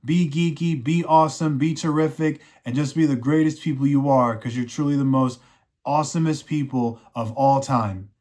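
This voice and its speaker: A man's voice: mid-range voice, steady tone, moderate pace, a little mellow. A man giving a casual, rambling recap and review of a TV series, leaning on filler phrases and ending with an effusive, upbeat sign-off. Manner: rambling, leans on "you know" and "he's like". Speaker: TV show reviewer.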